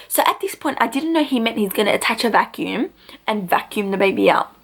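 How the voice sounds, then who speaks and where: A young woman chats to camera in a loose, storytelling vlog, her voice sitting a little high with a gravelly edge. She fills her sentences with "like" and keeps the tone casual and personal. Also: animated, a little fast. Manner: chatty, full of "like" fillers. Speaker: vlogger.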